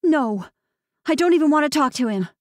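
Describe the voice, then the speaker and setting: A woman's voice: sits high, animated, a little fast, a little mellow, dry recording, clean studio sound, pitched above the performer's own voice. Woman doing a tense, rattled young woman. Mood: refusing. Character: anguished young woman, jumpy, avoidant.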